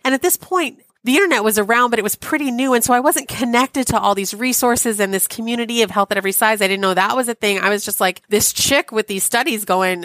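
A woman in her forties, a podcast guest, telling a personal story in a chatty, wry and animated way with many asides. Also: on the high side, fast talker, few pauses, dry recording. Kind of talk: storytelling in an interview.

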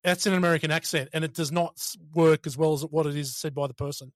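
A man with an Australian accent hosting a casual film review podcast, talking in an animated way, laughing and swearing. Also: fairly high pitch, fast, no room sound, clean studio sound. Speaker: podcast host.

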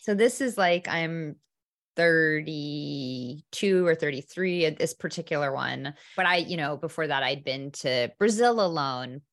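A woman guest telling a personal story in conversation, vivid and animated, slipping into lively quoted asides. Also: low-pitched, unhurried. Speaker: interview guest.

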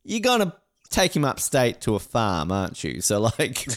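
Male podcast co-host, mid-pitched, loose rambling comic delivery. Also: wildly swooping pitch, moderate pace. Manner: rambling, joking, repeats words. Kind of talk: casual comedic chat.

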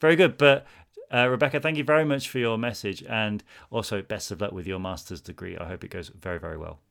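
A man's voice: on the low side, quick pace, gravelly, fairly bright tone. A man co-hosting a podcast, chatting in a friendly way and reading listener questions aloud. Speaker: podcast co-host. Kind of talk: casual podcast chat.

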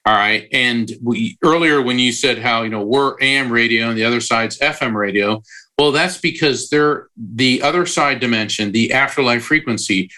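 A man's voice: medium pitch, moderate pace, bright, forceful tone. A man who works as a psychic medium, giving an interview guest's long explanations full of analogies and the odd digression. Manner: explains at length with analogies, prone to digressions and restarts.

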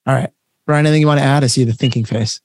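A man coaching a workshop over a video call, talking in an energetic, conversational and emphatic way. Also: medium pitch, rapid-fire, dry recording, studio quality. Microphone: webcam setup, facing camera.

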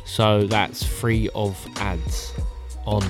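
A man, co-hosting a boxing podcast in a relaxed, joking, sometimes swearing way. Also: on the low side, extremely slow, music in the background. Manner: laid-back, swearing, joking storyteller. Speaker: podcast co-host, former boxer. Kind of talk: casual chat.

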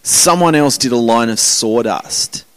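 A man's voice: medium pitch, unhurried, fairly bright tone. A man telling rambling, self-mocking stories as a podcast host in casual chat.

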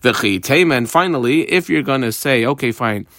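A man's voice: medium pitch, animated, moderate pace, a bit bright, no echo, studio quality. A man giving a Talmud lesson, translating each phrase and explaining it with frequent ums and uhs. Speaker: Talmud teacher.

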